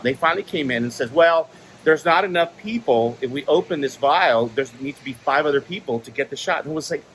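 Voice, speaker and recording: A man's voice: a little high, lively intonation, brisk, fairly bright tone, slight background noise, low-quality recording. A man casually telling personal stories in a monologue, laughing often and acting out the quoted exchanges. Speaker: vlogger sharing stories.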